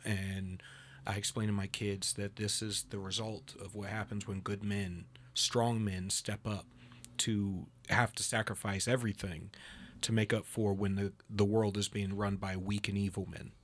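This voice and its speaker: A man in his thirties hosting a political podcast, telling stories with lively impressions of other people. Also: on the low side, moderate pace, a little hiss or hum. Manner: animated storyteller, mimics others in a raised voice. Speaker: podcast host. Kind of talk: casual political chat.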